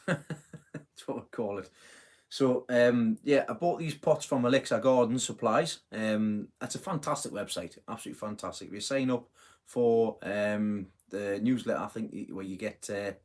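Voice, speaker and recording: A man's voice: on the low side, moderate pace. A middle-aged man hosting a casual live stream, chatting in a rambling way, full of fillers and self-corrections. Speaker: host of a live gardening stream.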